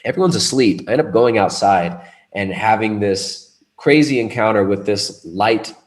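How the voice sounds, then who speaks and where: A man with a fairly low voice tells a personal story in casual conversation. He rambles, starts over often and keeps it animated as he goes. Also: moderate pace. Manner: rambling, animated, with restarts and laughs.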